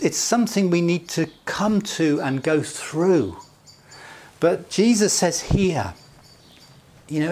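A man's voice: fairly high pitch, a little mellow. A middle-aged man preaching a conversational sermon, chatty and jovial, often chuckling and filling his talk with asides. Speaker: pastor.

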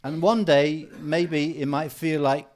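A man's voice: on the high side, little pitch movement, takes it slowly, a little mellow. A man preaching a sermon in an earnest, encouraging way, repeating phrases for emphasis. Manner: mimics people for humor with raised voice.

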